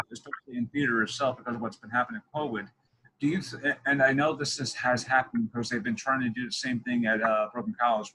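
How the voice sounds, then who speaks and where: A man's voice: mid-range voice, bright, forceful tone, slight background noise, poor audio. A young man hosting a podcast interview, talking in a rambling, casual way with many restarts. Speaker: podcast host.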